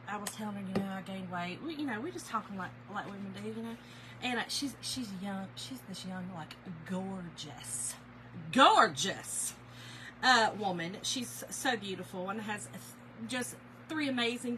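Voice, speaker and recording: A woman's voice: medium pitch, bright, forceful tone, slight background noise, poor audio. A middle-aged woman chatting animatedly with viewers on a live stream, laughing often. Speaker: small business owner hosting a live stream. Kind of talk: casual live-stream chat.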